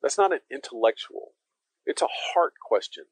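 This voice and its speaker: A man's voice: medium pitch, big pitch swings, moderate pace, breathy edge, dry recording, rough recording. A man preaching a conversational sermon as pastor, emphatic and speaking directly to his listeners.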